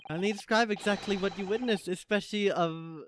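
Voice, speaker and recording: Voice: medium pitch, fairly quick, noisy background. A streamer thinking aloud during a live game, rambling and self-mocking between lines. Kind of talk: live game commentary and reading.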